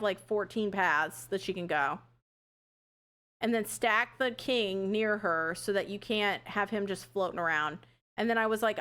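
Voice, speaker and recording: In casual live-stream commentary, a young woman plays a puzzle game and chats with her viewers, cursing, laughing a lot, and shrieking in moments of panic. Her voice is mid-range and a bit bright.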